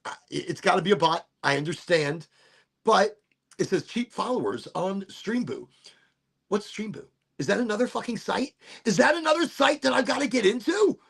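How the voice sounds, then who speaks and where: A middle-aged man hosting a livestream, chatting casually while high, rambling, laughing and making fun of himself. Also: lively intonation, moderate pace, vocal fry, fairly bright tone, husky. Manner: rambling, laughing, self-mocking. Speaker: livestream host.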